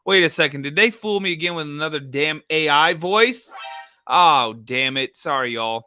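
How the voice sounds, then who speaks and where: A man's voice: fairly high pitch, animated, normal speed, smooth, dry recording, studio quality, soft background music. A man hosting a live true crime reaction stream, talking bluntly to his chat. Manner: loud, blunt, talks to chat.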